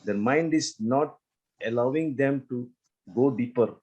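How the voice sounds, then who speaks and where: A man speaking on a video call, halting and often restarting his sentences. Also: medium pitch, a little mellow, breathy edge, low-quality recording. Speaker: participant on a call. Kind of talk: casual discussion on a video call.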